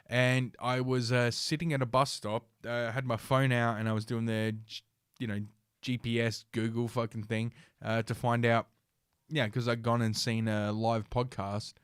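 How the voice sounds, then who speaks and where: A man's voice: mid-range voice, little pitch movement, moderate pace, smooth, no echo, studio quality. A man with an Australian accent, hosting a livestream and telling a rambling, profane story full of fillers and restarts. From South Australia, Australia. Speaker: podcast host.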